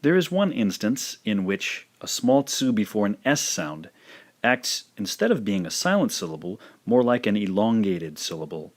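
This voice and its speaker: Low-pitched male language teacher, patient and methodical, repeats each example word for practice. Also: animated. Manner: slow, careful demonstrations with repeated words. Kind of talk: scripted lesson narration.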